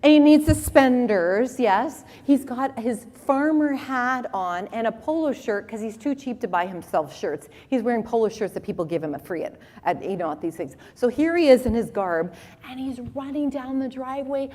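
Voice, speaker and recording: A woman in her forties giving a conference talk with animated, humorous storytelling. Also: on the high side, moderate pace, few pauses. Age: 40s. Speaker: conference speaker. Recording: long reverb of a hall.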